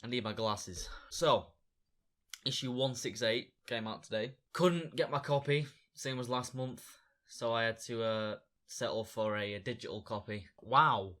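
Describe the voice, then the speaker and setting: Excitable young man, bright voice. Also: mid-range voice, measured pace. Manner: excitable, chatty, fan enthusiasm. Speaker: comic book reviewer. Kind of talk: casual video review.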